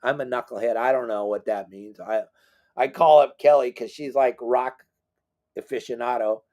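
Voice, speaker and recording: A middle-aged man, a fishing guide and boat captain, telling stories in a casual, animated, self-deprecating way. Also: medium pitch, moderate pace. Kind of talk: casual storytelling.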